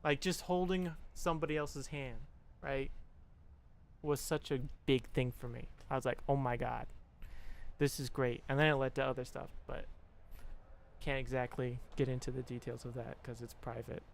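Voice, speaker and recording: A man's voice: medium pitch, fairly even intonation, moderate pace, creaky. A young man streaming and talking to his viewers, giving frank, profane relationship advice and mimicking the people he quotes. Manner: frank, swearing, pep-talk style. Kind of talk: casual chat to stream viewers.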